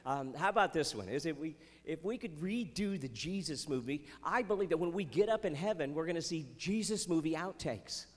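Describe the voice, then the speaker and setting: A man's voice: fairly high pitch, animated, a little fast, hardly any pauses, big-room sound, slight background noise. A man doing chatty Christian stand-up comedy on stage, with playful jokes and asides. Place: festival stage before a live audience.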